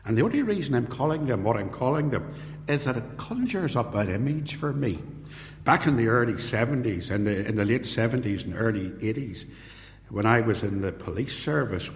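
A Northern Irish man in his sixties preaching through a Bible passage and telling stories along the way. His voice sits at an ordinary middle pitch and carries a long reverb, as if it were picked up in a large hall. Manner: anecdotal storytelling. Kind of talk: expository sermon.

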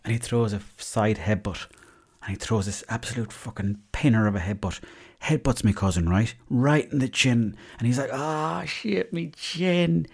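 Irish male podcast host, lower voice, casual yarn-spinner, salty language. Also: moderate pace, a little mellow, husky. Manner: chatty, swears freely, tall-tale humour. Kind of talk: casual comic storytelling.

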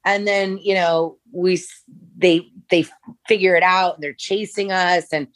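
A woman recounts old memories in a low, loose voice, circling back and restarting often. The sound is dry and close. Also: fairly even intonation, a little slow, fairly bright tone, no room sound. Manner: rambling, many fillers and restarts. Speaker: former makeup artist, guest. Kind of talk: storytelling interview.

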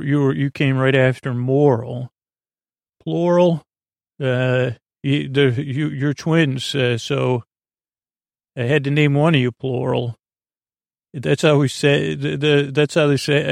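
Rambling gravelly-voiced man hosting a sleep podcast. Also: medium pitch, no room sound, clean studio sound. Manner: meandering, self-interrupting, goofy digressions. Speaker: podcast host. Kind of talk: rambling bedtime podcast monologue.

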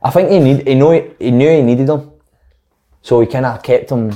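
A man's voice: mid-range voice, normal speed, mellow. A young Scottish man, a footballer guest in a casual chat, telling stories full of swearing and acted-out quotes.

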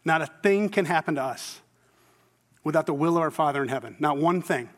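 High-voiced pastor in a reverberant hall. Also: male voice, expressive, a little fast. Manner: informal storytelling, self-deprecating humor. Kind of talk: conversational sermon.

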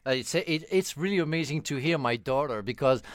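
A man with a French accent speaking halting, effusive English as a guest on a radio talk show. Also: on the high side, expressive, no echo. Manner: warm, effusive, halting English with many restarts. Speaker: studio guest. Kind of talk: radio interview.

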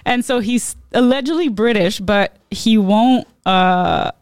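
A woman's voice: medium pitch, slow pace, clean tone, no echo, clean studio sound. A woman telling stories on a podcast, chatty, full of "like", laughing often. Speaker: podcast guest, comedian. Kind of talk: casual storytelling chat.

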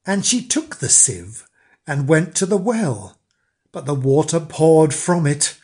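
A man narrating a dark fairy tale as the show's storyteller host, measured and dramatic. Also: mid-range voice, husky.

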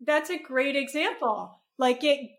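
Thoughtful woman with a slightly high voice. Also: unhurried. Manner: thoughtful, searching, many restarts. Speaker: guest. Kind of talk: podcast conversation.

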